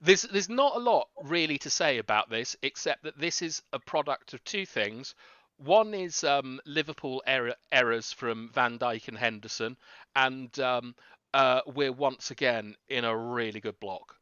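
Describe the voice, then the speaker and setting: A man's voice: medium pitch, animated, measured pace, bright, forceful tone, clean tone, no room sound, muffled recording. A man giving an earnest, explanatory tactical breakdown on a live stream, with frequent ums. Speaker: tactical analyst. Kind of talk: live stream football analysis.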